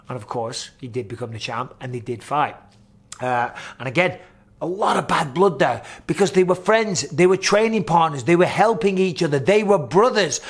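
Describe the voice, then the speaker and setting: A man's voice: sits high, slightly rough. A middle-aged man, a former fighter, giving blunt, casual commentary and swearing freely.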